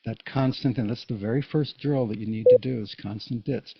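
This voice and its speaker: A man's voice: medium pitch, brisk, creaky, slightly rough, no room sound. A man giving a casual, patient Morse code lesson, explaining each step in plain words. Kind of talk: casual spoken tutorial. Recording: dull lo-fi recording.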